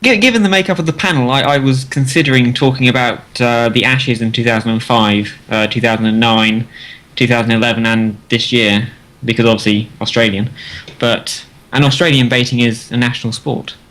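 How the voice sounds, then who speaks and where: Musing man with mid pitch. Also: steady tone, a bit bright, low-quality recording. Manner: musing, halting. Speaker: podcast panelist. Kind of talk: casual chat.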